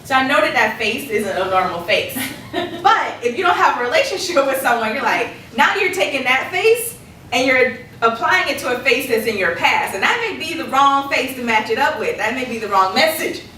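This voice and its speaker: A bright, high-pitched woman leads a public speaking workshop, lively and quick to laugh as she acts out little quotes. Her voice is heard from across a reverberant meeting room, with faint background noise. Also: recorded from a distance. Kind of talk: workshop presentation. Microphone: distant room mic. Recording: echoey room recorded from afar.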